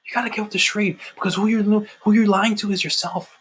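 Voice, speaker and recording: A preacher voicing a calm, tender heavenly father who speaks gently and quietly to his child. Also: sits high, quick pace, a little hiss or hum. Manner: calm, hushed, gently pleading.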